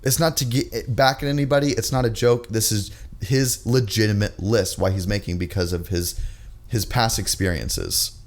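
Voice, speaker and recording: A man giving reaction commentary in a dry, sarcastic, measured way. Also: fairly low pitch, fairly even intonation. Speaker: commentary YouTuber.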